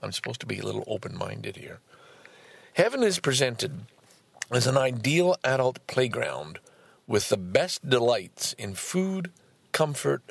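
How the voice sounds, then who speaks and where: A man reading a book aloud and commenting on it, breaking into exasperated, swearing outbursts between calm passages. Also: medium pitch, gravelly, breathy edge, dry recording. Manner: swears often.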